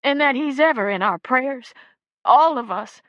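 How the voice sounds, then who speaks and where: A woman's voice: mid-range voice, steady tone, moderate pace, no echo, lo-fi sound, voice pushed up, natural voice. A woman voicing a tearful backwoods mother. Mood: tearful pleading. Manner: plain rural speech, pleading.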